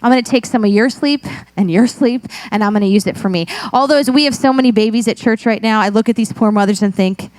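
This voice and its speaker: A woman in her thirties preaching a conversational sermon as a pastor, animated and joking with the congregation. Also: on the high side, quick pace, dry recording. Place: church sanctuary.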